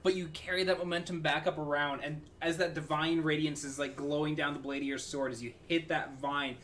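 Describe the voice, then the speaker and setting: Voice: medium pitch, level tone, fairly quick, a bit bright, slight background noise. A game master narrating a tabletop game in a casual, rambling way, full of "like" and "uh". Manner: casual, filler-heavy narration with swearing.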